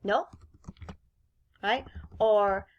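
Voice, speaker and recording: A woman's voice: medium pitch, drawn-out words, highs cut off. A woman teaching a recorded Spanish lesson, explaining question types and modeling example phrases with a rising question inflection. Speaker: Spanish instructor. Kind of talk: recorded lecture.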